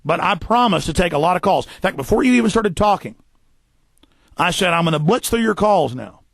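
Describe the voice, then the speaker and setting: A man hosting a radio talk show, ranting fast and forcefully, tripping over repeated words. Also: high-pitched, expressive, gravelly, dry recording. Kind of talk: heated radio monologue. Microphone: studio microphone.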